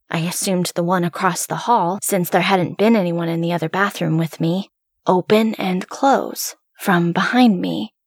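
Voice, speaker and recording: A woman narrates a first-person horror story in a hushed, suspenseful telling. Her voice sits at an ordinary middle pitch, and the recording is close and dry with no room sound. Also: dry recording.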